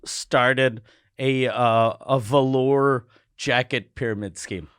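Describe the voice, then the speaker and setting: A man's voice: mid-range voice, steady tone, takes it slowly, a bit bright, clean tone, no room sound, studio quality. A man co-hosting a comedy podcast, dropping crude joking asides. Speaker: podcast co-host. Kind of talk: casual comedy podcast banter.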